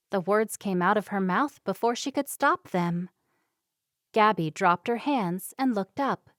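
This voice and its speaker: A woman narrating a romance novel audiobook in an even, measured reading. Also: medium pitch, dry recording, studio quality. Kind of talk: scripted narration.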